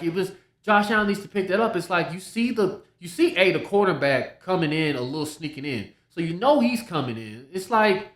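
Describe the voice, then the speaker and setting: A man's voice: high-pitched, fairly bright tone, echoey room. A man hosting a solo sports podcast, talking casually, often repeating himself and restarting his sentences. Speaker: podcast host.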